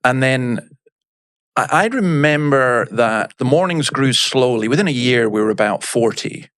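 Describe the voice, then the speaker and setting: A middle-aged man speaks at an ordinary mid pitch, telling stories bluntly and with emphasis. He is a minister guesting on a podcast, and his stories are lively and punchy. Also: unhurried, no echo, studio quality. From Scotland. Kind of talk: storytelling in a podcast interview.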